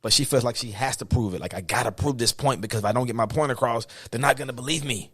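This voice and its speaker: A man's voice: medium pitch, quick pace, fairly bright tone, slightly rough, dry recording, studio quality. A man co-hosting a podcast, reasoning through ideas hesitantly with lots of fillers. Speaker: podcast co-host. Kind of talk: casual podcast chat.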